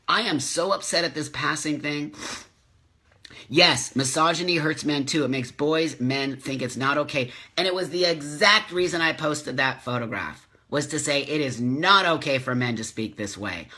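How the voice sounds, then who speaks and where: A man's voice: fairly high pitch, normal speed, sharp tone. A middle-aged man hosting a live community video chat, talking casually and reading viewer comments, passionate and emotional as he rants. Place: home, live stream.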